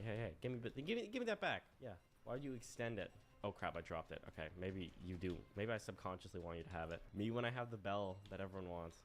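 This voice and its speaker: A young man streaming a game, commenting in a playful, teasing, mischievous way as he plays. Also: fairly low pitch. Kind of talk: casual gameplay commentary.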